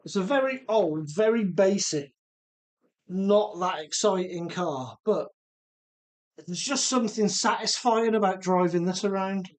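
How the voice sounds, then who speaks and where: Here a man with a high voice and an unhurried delivery runs a radio-controlled car live stream at home in his workshop. He reads out comments from viewers, laughing often and keeping things easygoing.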